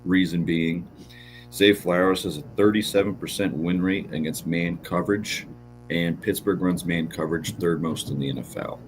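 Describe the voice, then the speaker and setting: A man with a very deep voice co-hosts a laid-back fantasy football chat. He rambles a little, cracks dry jokes and fills pauses with ums. Faint music plays in the background. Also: rough recording. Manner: relaxed, joking, lots of fillers. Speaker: podcast co-host. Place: podcast studio.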